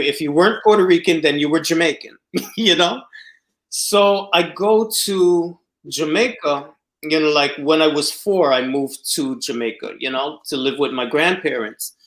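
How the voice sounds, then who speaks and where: A man's voice: a little high, a bit bright. Man telling a story in an echoey room. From United States. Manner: anecdotal, laughs while telling the story. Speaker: discussion guest. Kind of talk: casual storytelling chat.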